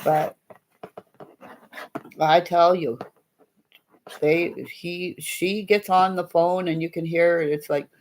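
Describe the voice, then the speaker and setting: A woman's voice: on the low side, fairly even intonation, slow pace, long pauses, darkish tone. A middle-aged woman, chatting casually and rambling as she hosts a live stream for viewers, laughing often along the way. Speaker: livestream host.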